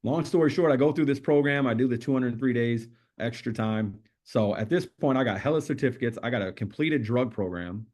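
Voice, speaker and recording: A man's voice: medium pitch, brisk, hardly any pauses, a little mellow. A man, a podcast guest, telling his own story in a casual, candid and profane way, with streetwise slang.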